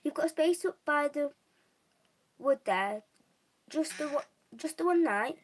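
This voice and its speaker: A blunt, gruff campsite keeper, loud and suspicious, peppering strangers with questions, as a woman reads him out. The voice sits a little high and carries well. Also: expressive, a little slow.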